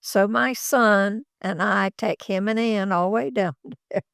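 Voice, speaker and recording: A woman's voice: medium pitch, unhurried, creaky, a bit bright, no room sound. Older woman, folksy storyteller, dry close sound, rambling delivery. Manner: folksy, rambling anecdotes with acted quotes. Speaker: interviewee, former executive assistant. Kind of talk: casual storytelling. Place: office.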